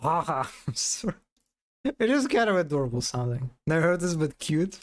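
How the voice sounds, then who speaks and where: A man's voice: a little high, big pitch swings, moderate pace. A man streaming live in casual commentary, amused, often restarting his sentences and imitating animal sounds.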